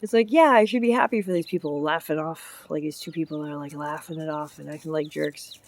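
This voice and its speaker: A woman's voice: low voice, fairly even intonation, a little fast, dry recording. Chatty rambling woman vlogging. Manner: chatty, jumps between topics, laughs often. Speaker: vlogger and public works truck driver. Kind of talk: casual rambling vlog chat.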